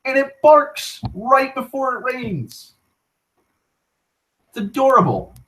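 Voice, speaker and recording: A young man hosting an online talk show, rambling casually with frequent profanity, restarts and excited tangents. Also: very high voice, slow pace, rough recording. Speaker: internet talk show host.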